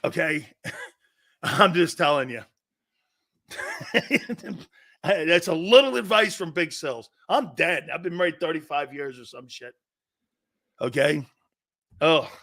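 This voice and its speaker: A man's voice: a little high, lively intonation, takes it slowly, long pauses, pushed and bright. A middle-aged man hosting a sports talk show, riffing in a brash, profane, joking way and laughing often.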